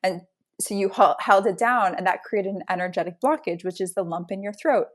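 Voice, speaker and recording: A woman's voice: mid-range voice, a little fast. A woman in a casual spiritual chat, talking emphatically and building intensity as she tells her stories. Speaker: podcast guest.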